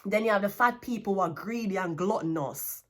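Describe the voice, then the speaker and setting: A woman's voice: mid-range voice, brisk. A Jamaican woman giving a tarot reading, blunt and scolding, with plenty of swearing. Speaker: tarot card reader.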